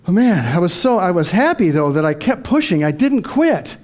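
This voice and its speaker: A man's voice: high-pitched, animated, a little slow. A middle-aged man giving a motivational talk to a live audience, telling a story and acting out his own inner dialogue. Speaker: motivational speaker.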